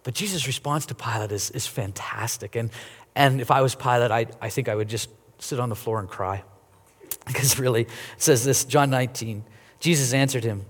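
A man's voice: medium pitch, moderate pace, slightly rough, big-room sound. A man preaching a sermon as a pastor, earnest, often repeating words as he rises and falls in volume.

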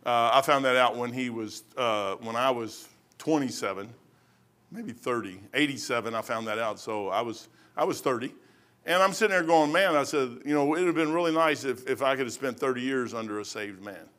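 An older man from Kentucky speaks at medium pitch with a touch of brightness as he delivers a rambling, folksy sermon, acting out his stories' Bible figures in quick voices.

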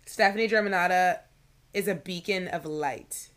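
A woman's voice: lowish voice, moderate pace. A woman co-hosting a podcast in a casual chat, leaning heavily on "like" as she talks. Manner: chatty, leans heavily on "like". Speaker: podcast co-host.

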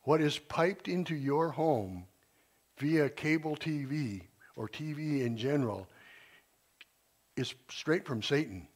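A man's voice: a little high, animated, slow. A retired teacher in his sixties giving an informal church talk, earnest and rambling, with frequent restarts. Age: 60s.

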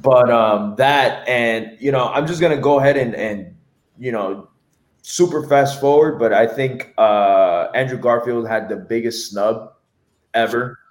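A man co-hosting a podcast, reviewing a film in a casual chat, telling animated stories and swearing freely. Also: medium pitch, a little slow, reverberant. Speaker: podcast co-host.

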